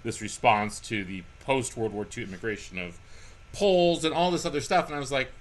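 A man in his forties, from California, co-hosting a podcast and telling stories in an animated, wry way. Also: medium pitch, a little fast. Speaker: podcast co-host. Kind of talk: casual chat.

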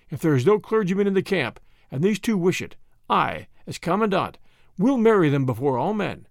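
A man's voice: fairly high pitch, darkish tone, no room sound, clean studio sound. A man voicing a stern older Boer commandant who speaks in a firm, authoritative way.

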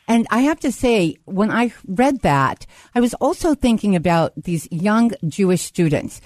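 A woman's voice: medium pitch, sing-song, a little slow, few pauses, darkish tone, no room sound. Woman hosting a radio interview. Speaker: radio host.

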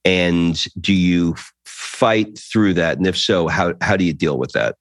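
A man in his fifties with a very deep voice hosts an interview. He asks probing questions quickly and haltingly, often restarting his sentences. The sound is dry and close. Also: no echo. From New York. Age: 50s. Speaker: podcast host. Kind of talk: interview conversation.

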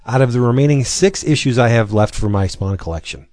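A man's voice: medium pitch, a little fast, a little mellow, no echo, clean studio sound. A man co-hosting a podcast in casual chat, joking and stumbling over repeated words. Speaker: podcast co-host.

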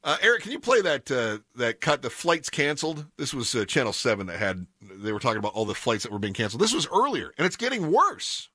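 Male talk radio host, chatty and wry, bright tone over a dry studio mic. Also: mid-range voice, huge pitch swings, quick pace, few pauses, dry recording. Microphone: studio microphone.

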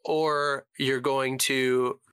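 Bright, smooth-voiced game master. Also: male voice, mid-range voice, no room sound. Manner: relaxed, measured, with frequent fillers. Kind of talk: narrating a tabletop game.

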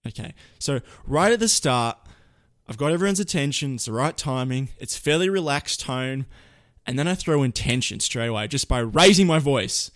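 A young man talks through storytelling tips in a loose, lively tutorial style. His voice sits at an ordinary middle pitch. He stumbles and restarts his sentences often, and the recording is dry and close with no room sound. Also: normal speed, dry recording. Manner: lively, rambling, frequent self-corrections. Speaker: presenter giving storytelling tips. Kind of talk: casual spoken tutorial.

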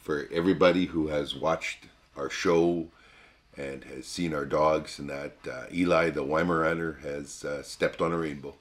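An older man co-hosting a casual podcast, talking in a folksy, halting way with many restarts. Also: very deep voice, steady tone. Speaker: podcast co-host. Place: cabin.

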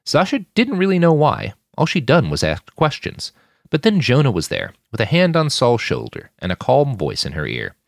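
A man hosting a fiction podcast, reading his own story aloud with expressive scripted narration. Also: medium pitch, moderate pace, vocal fry, dry recording, studio quality. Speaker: podcast host and fiction author.

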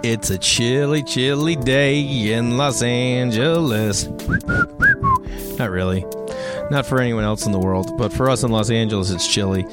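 A man, a comedian chatting casually to the camera, his voice hoarse after losing it, rambling and joking at his own expense. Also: medium pitch, unhurried, loud music behind the voice. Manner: rambling, self-mocking, jokey. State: hoarse, voice partly lost. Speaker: comedian vlogger.

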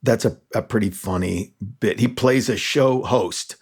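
A man in casual podcast chat who laughs often and slips into quick impressions. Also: on the low side, breathy edge.

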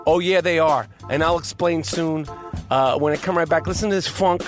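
A sports podcast host with a fairly high pitch speaks at a moderate pace over soft background music, mixing sports talk with a host-read ad. His manner is brash, profane and rambling, and he keeps checking in with "okay?".

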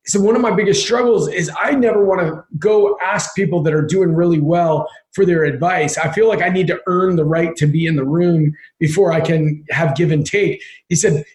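A man talking as an interview guest in casual chat, energetic and often repeating words as he thinks. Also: high-pitched, normal speed, few pauses, echoey room.

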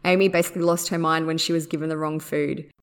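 Woman podcast host, lowish voice, casual wry storytelling. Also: flat delivery, fast, clean tone. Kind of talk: true-crime podcast narration.

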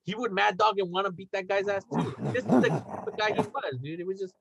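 Young male podcast host, higher voice, animated casual storyteller who swears a lot. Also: fast talker, gravelly, background noise. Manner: animated, swearing, acts out quotes.

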